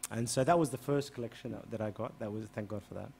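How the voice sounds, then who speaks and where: A man, a priest answering an interview by telling a story, acting out the dialogue and getting louder as it heats up. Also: fast, creaky, a little hiss or hum. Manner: animated, re-enacts dialogue with rising pitch and volume.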